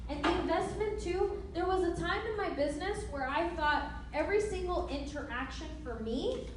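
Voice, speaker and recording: A woman's voice: extremely high pitch, lively intonation, moderate pace. A young woman giving a playful motivational business training to a live audience, laughing often and acting out conversations. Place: meeting room with an audience. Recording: very echoey room, mic far off, faint hiss.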